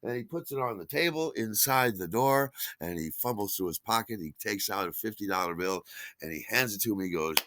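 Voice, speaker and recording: A man with a deep, low voice and a bright, forceful edge tells a rambling story in a dry, close-miked room. He talks casually and breaks into loud acted-out lines when he quotes people. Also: brisk, no room sound. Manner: rambling, animated, acts out others' shouts. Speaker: podcast storyteller. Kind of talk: casual spoken memoir.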